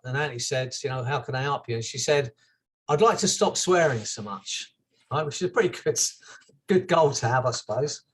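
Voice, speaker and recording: A man, a hypnotherapist, talking to a group in a gentle, chatty way with soft laughs. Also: fairly high pitch. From England. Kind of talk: relaxed group therapy talk.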